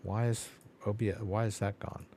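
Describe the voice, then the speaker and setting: A man's voice: on the low side, flat delivery, moderate pace, dark tone, a little hiss or hum. A man hosting a live Q&A stream, telling a rambling story with exasperated asides. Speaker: live Q&A host. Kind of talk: casual live-stream chat.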